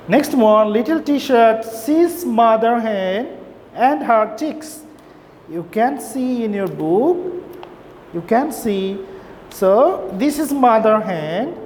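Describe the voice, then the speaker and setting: A woman teacher giving an English reading lesson to young children, explaining slowly and checking in with "okay?". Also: fairly high pitch, darkish tone. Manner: slow, simple explanations with repeated "okay?". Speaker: primary school teacher. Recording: long reverb, faint background noise.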